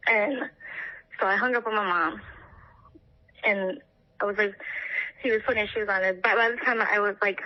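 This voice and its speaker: A young woman tells her story haltingly, with fillers and restarts. Her voice sits mid-pitch. The recording is a bit dull and lo-fi. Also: fairly even intonation. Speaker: interviewee, partner of the missing man. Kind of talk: emotional personal account.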